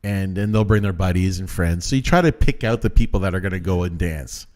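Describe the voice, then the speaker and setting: A man's voice: sits low, a little fast, a little mellow. A man hosting a podcast in casual chat, chiming in with enthusiastic reactions and casual swearing. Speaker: podcast host.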